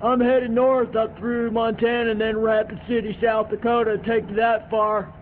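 An actor playing an easygoing driver offering someone a ride, breezy and casual. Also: male voice, very high voice, little pitch movement, moderate pace. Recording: tinny film audio with road noise. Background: car and road noise.

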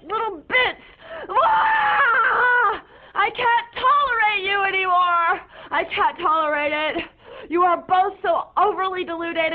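A woman doing a tearful, whiny teen girl. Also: very high-pitched. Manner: whiny, tearful, overwrought with mangled big words. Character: melodramatic teenage girl ranting at her parents. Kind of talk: comic character monologue. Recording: tinny phone-like sound.

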